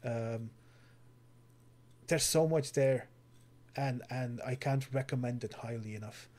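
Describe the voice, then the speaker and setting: A man's voice: mid-range voice, slow pace, a little mellow. A man co-hosting a gaming podcast, recommending games in an earnest, enthusiastic way. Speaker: podcast co-host. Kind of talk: casual chat.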